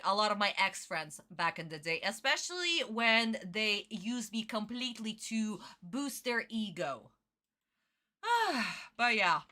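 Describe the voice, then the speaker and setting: A woman's voice: medium pitch, pushed and bright. A young woman streaming a casual reaction chat, talking in an opinionated, emphatic way with lots of repetition. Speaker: streamer reacting to an anime episode.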